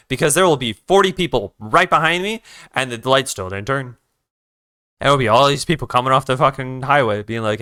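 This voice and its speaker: An art streamer with a mid-range, sharp-toned voice speaks fairly quickly while drawing, ranting through a road-trip story with lots of swearing. They retell the conversation by quoting other drivers in their voices and restart sentences while redrawing. The recording is dry with clean studio sound.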